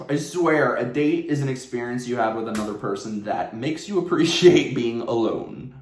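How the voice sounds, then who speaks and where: A man telling a casual storytime at home, animated and sarcastic, laughing often. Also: medium pitch, moderate pace. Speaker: vlogger. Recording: roomy echo.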